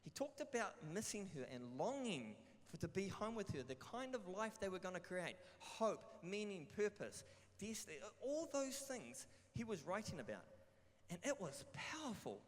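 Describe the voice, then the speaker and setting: A middle-aged man with a New Zealand accent, telling stories as the speaker at a youth camp sermon, playful and loud to the crowd. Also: high voice, moderate pace. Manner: lively, shouts to the crowd, playful storyteller. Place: large hall. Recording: reverberant hall.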